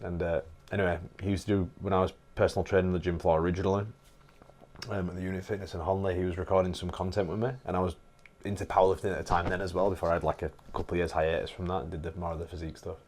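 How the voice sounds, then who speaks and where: Low-voiced man, laughing banter. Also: level tone, racing, darkish tone, a little hiss or hum. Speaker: podcast guest, fitness coach. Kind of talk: casual chat.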